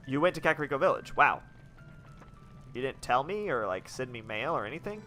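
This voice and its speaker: A man's voice: mid-range voice, expressive, brisk, bright, forceful tone, soft background music. A young man chatting casually as he plays a game, rambling with lots of restarts. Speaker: game streamer. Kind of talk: casual let's-play commentary.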